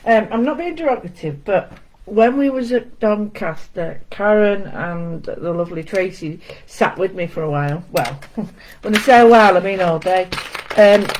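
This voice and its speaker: A woman hosts a casual live-stream art lesson from a home setup with a camera, chatting, greeting viewers by name, and making self-deprecating asides. Her voice is medium-pitched at a moderate pace, and the audio is poor.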